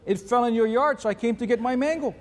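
A man's voice: extremely high pitch, fast talker, pitched above the performer's own voice. A preacher voicing a brash new neighbor man in a joke who blusters and threatens to sue, in a reverberant hall. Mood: blustering. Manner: blustering, then winded.

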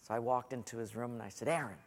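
A middle-aged man preaching a sermon, telling stories in an animated way and acting out the quotes. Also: medium pitch, fast talker, background noise. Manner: storytelling, animated, acts out quotes. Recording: echoey hall.

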